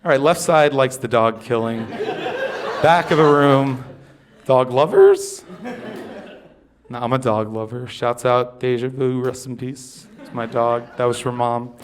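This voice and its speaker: A man's voice: mid-range voice, lively intonation, measured pace. A man doing stand-up in a dry conversational way, teasing the crowd between jokes. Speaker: stand-up comic. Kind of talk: stand-up set. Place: comedy club stage.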